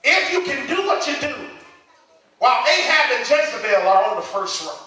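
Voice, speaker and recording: High-voiced preacher in an echoey church. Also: male voice, sing-song, moderate pace, bright, forceful tone, slight background noise. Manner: repetitive, stammering restarts, talks to the congregation. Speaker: pastor. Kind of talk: sermon. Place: church sanctuary. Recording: echoey sanctuary, distant mic.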